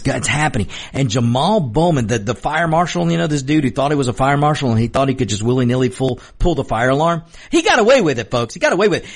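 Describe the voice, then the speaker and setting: Heated husky-voiced male political host. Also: medium pitch. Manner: heated, emphatic, repeats himself. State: losing his voice, coughing. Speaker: political talk show host. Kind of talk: opinionated political commentary.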